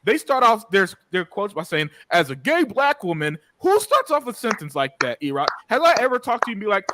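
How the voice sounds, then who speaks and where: Animated, stammering man on a podcast. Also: high voice, a little fast, background noise. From United States. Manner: animated, stammers and repeats words, swears freely. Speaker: podcast host. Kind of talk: casual podcast chat.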